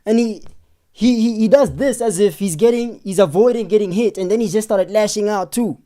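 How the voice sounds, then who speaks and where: A man hosting a live stream, giving excitable, chatty commentary on video footage and often breaking off to pause it. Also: sits high. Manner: excitable, chatty, keeps saying "hold on".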